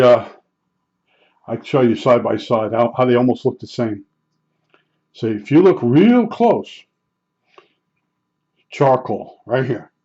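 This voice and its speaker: Older man, mid pitch, rambling blunt storyteller; dull lo-fi audio. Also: darkish tone. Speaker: vlogger. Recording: dull lo-fi sound.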